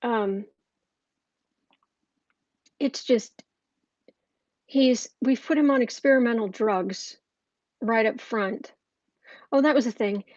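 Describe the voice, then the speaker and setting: Chatty woman livestreaming, slowish, kinda dull lo-fi dry sound, lots of ums. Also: on the high side, darkish tone, dry recording. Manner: chatty, with frequent fillers and restarts. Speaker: political tarot reader and host. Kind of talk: casual live-stream talk. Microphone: camera mic.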